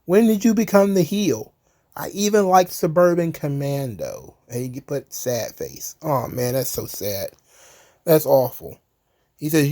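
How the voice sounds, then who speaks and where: A man's voice: a little high, lively intonation, unhurried, darkish tone. Profane sarcastic man commentating. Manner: sarcastic, profane, laughs at own jokes. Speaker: commentary channel host. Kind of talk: casual commentary monologue.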